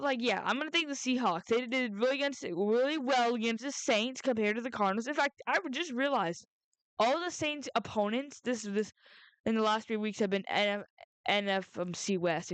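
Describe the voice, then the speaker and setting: Woman, casual sports vlogger, smooth and fairly high, dry close sound, rambling with lots of restarts. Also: dry recording. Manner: rambling, halting, frequent restarts and self-corrections; excitable, jumps up in pitch when outraged.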